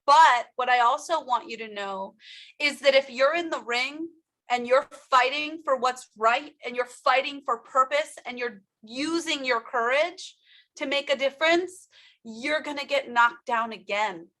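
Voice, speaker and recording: A woman's voice: sits high, measured pace, sharp tone. A woman speaker giving a motivational workshop talk about her own story, emphatic and speaking straight to the audience. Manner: emphatic, addresses audience directly.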